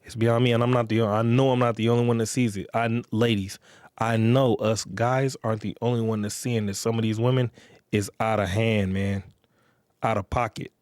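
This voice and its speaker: A man with a low-leaning, darkish voice hosts a podcast, speaking at normal speed with a flat delivery. His casual monologue rambles and swears, and he keeps checking in with listeners via "you get what I'm saying." It's clean studio sound with no room sound.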